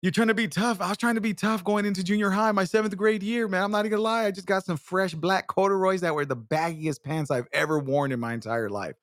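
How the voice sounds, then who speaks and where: A man's voice: high-pitched, steady tone, fast, hardly any pauses, dry recording, studio quality. Profane rambling storyteller man. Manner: rambling, profane, many restarts. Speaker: show host. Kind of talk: comedic storytelling.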